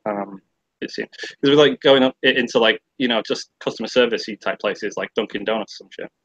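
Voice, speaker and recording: A man's voice: fairly low pitch, a little fast, fairly bright tone, no room sound, dull audio. A young man with a British accent, hosting a stream from a bedroom and chatting casually, sweary and rambling. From Britain. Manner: sweary, rambling, laughs at himself. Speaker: stream host. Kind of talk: casual chat. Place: sister's bedroom.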